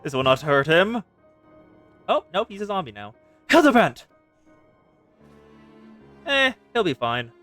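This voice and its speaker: A woman streaming a game, reacting with excited gasps and quick commentary. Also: on the low side, soft background music. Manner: excitable, gasping and laughing reactions.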